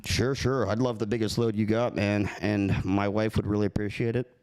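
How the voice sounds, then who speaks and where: Deadpan male prank caller, earnest and rambling, slightly low pitch. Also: moderate pace, smooth. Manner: earnest and rambling, keeps a straight face.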